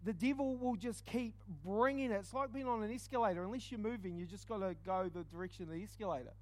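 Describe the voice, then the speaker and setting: High-pitched guy preaching his testimony, lively storyteller, drops quiet for asides. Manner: animated storytelling with quick dips into quiet asides. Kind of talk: testimony sermon.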